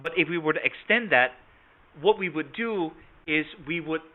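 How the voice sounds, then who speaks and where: A fairly high-voiced man runs a live online sales class and keeps checking in with his listeners by name. He moves between a soft, mellow delivery and a stronger one to show what he is teaching. His audio comes through a narrow, phone-like video-call line. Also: normal speed. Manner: interactive, quizzes participants by name with frequent "right?" and "okay?"; shifts volume and tone to demonstrate matching, from soft to strong. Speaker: sales trainer. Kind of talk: online sales training session.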